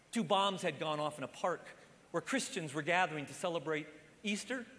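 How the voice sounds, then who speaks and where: A man preaching a sermon as pastor, impassioned and swinging between loud emphasis and hushed lines. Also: high-pitched. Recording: long hall reverb.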